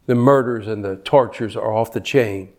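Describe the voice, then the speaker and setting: A man's voice: fairly low pitch, normal speed, mellow. Fervent older male preacher. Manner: fervent, repeats words as he builds a point. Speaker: pastor. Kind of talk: sermon.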